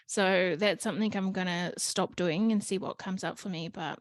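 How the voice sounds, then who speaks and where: A woman's voice: medium pitch, steady tone, fairly quick, few pauses, no echo. Woman podcast host, mid-range voice, candid rambling chat with casual swearing, dry close mic. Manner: candid, rambling, frequent "like" and "you know". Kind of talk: casual reflective monologue.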